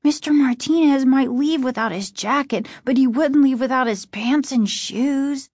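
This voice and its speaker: Storybook kid: a woman playing a shaken, timid young boy, slightly raised pitch. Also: a little mellow, no echo, clean studio sound. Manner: timid, halting.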